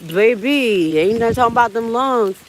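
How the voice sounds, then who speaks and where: A woman's voice: a little high, animated, moderate pace, a little hiss or hum, low-quality recording. A woman in her forties hosting a casual live walking vlog from an outdoor park, chatting straight to her viewers as she climbs steps and gets winded. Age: 40s. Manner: chatty, talks straight to viewers as "y'all" and "baby". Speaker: livestream host.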